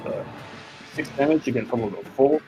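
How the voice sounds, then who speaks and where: An Australian man narrating a tabletop game as game master, with a loose, relaxed delivery full of fillers. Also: medium pitch, a little fast, over music. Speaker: dungeon master. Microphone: podcast microphone.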